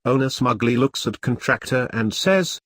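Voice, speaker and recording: A man's voice: mid-range voice, expressive, normal speed, fairly bright tone, no echo. Man narrating a story, dry close sound. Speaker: narrator of online stories. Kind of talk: scripted first-person story narration.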